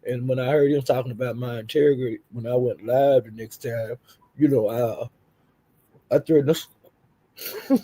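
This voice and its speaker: A woman's voice: extremely low pitch, moderate pace, pauses often, dark tone, slightly rough. A woman hosting her own livestream, telling stories in a profane, laughing, casual rant. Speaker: livestream host.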